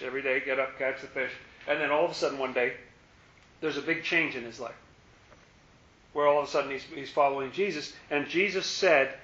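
A man's voice: a little high, a bit bright. A man leading a Bible study in a conversational way, repeating words and asking his listeners questions. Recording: echoey room, muffled lo-fi sound.

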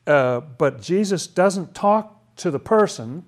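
Man, somewhat high-pitched, casual Bible study teacher. Questioning, conversational delivery with restarts. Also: lively intonation, slow. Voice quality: asks lots of questions, chatty, stumbles and restarts.

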